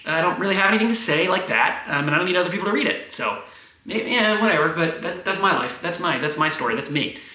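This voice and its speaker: A young man in his twenties talks in a rambling vlog monologue, swearing freely and telling his stories with plenty of animation. His voice sits fairly high and bright, and it swings up and down a lot. The sound bounces around a roomy, echoey room. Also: quick pace. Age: 20s. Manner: profane, animated storytelling. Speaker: vlogger.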